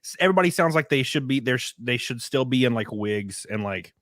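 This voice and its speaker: A male podcast host in loose, raunchy banter, rambling and quick to laugh. His pitch swings widely as he talks, and the recording is close and dry with no room sound. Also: animated, a bit bright, dry recording. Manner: rambling, crude, laughs easily. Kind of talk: raunchy casual chat.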